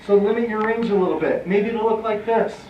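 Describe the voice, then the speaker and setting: Brisk and high-voiced with fairly even intonation, a male trainer instructs a workout, barking brief commands and counting reps as he shows the moves. Slight background noise sits under echoey, distant, muffled audio.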